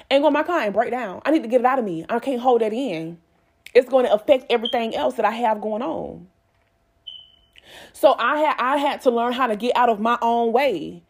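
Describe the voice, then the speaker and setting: A woman's voice: on the high side, expressive, a little fast, gravelly, darkish tone, husky. A woman, giving herself and her listeners an emphatic, repetitive pep talk in a casual vlog. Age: 20s. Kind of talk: motivational self-talk monologue.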